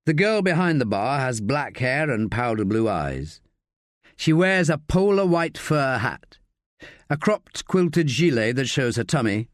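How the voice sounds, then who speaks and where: A male audiobook narrator tells a crime story in measured, scripted style. His pitch moves expressively while his pace stays slow and deliberate. The recording is dry and close on a studio mic. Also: no echo.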